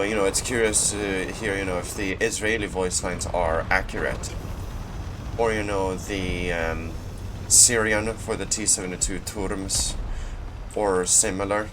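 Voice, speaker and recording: Groggy, low-voiced Swedish man. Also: background noise. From Sweden. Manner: rambling, laid-back, bursts of loud exclamations. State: groggy, just woke up. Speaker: gaming channel host. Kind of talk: casual gameplay commentary.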